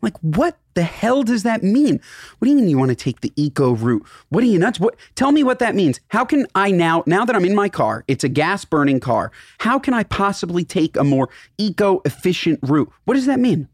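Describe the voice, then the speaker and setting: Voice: medium pitch, big pitch swings, fairly quick, no room sound, clean studio sound. A podcast co-host, here as a guest, ranting in casual chat with incredulous, profane outbursts.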